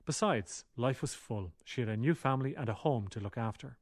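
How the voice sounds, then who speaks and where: A man reading scripted documentary narration in an even, measured way. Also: medium pitch, no echo, clean studio sound.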